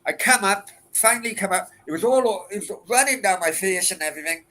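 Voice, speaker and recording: A man's voice: sits high, expressive, brisk, bright, forceful tone. A man hosting a late-night Q and A, chatting casually in a rambling, crude way full of swearing and restarts. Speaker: livestream host answering chat.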